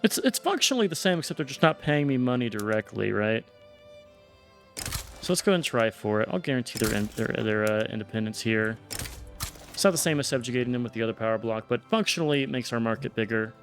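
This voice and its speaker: A man with a gravelly, fry-edged voice talks through his moves in a relaxed, thinking-aloud way. He trails off and restarts mid-sentence as he plans. Faint music and keyboard typing sit behind him. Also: mid-range voice, fast. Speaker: gameplay streamer. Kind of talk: casual let's-play commentary.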